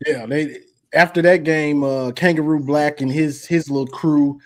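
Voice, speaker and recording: A man's voice: fairly high pitch, fairly even intonation, unhurried. A man hosting a casual college football call-in show, talking in a playful, slangy, teasing way.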